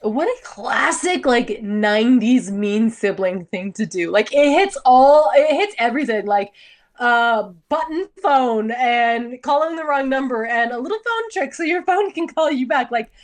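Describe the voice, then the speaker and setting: A middle-aged woman from Canada chats as a podcast co-host. Her voice sits a little high, and she sounds amused. She reacts to her co-host with quick comments. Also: expressive. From Ontario, Canada. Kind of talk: casual podcast chat.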